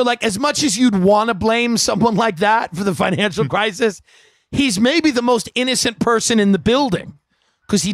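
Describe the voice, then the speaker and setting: Casting: comedian host, higher man's voice, dry close sound, rambling storyteller. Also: no echo. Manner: rambling, animated anecdote telling.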